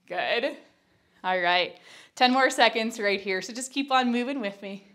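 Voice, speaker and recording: A woman's voice: on the high side, slow pace, a bit bright. A young woman teaching a Pilates workout, out of breath, chatty and candid as she counts reps and talks through the moves. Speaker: Pilates instructor. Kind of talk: workout instruction.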